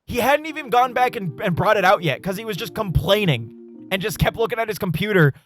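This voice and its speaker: Animated man telling a story on stream. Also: high voice, a little fast, faint music behind. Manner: animated storyteller, swears, laughs often. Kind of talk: casual live-stream chat while gaming.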